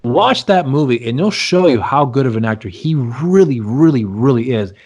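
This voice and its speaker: A man's voice: medium pitch, expressive, normal speed, a little mellow, slightly rough, lo-fi sound. A man co-hosting a casual movie review chat, rambling and repeating himself as he talks. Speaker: podcast co-host.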